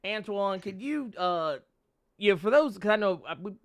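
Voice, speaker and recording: Animated, stammering male podcast host. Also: sits high, moderate pace. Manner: rambling, stammering restarts, laughs often. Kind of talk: casual interview chat.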